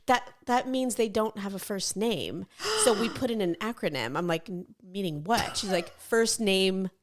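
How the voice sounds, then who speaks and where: A woman's voice: medium pitch, lively intonation, moderate pace. A woman co-hosting a podcast in casual chat, telling self-mocking stories with frequent laughter and an American accent. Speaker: podcast co-host.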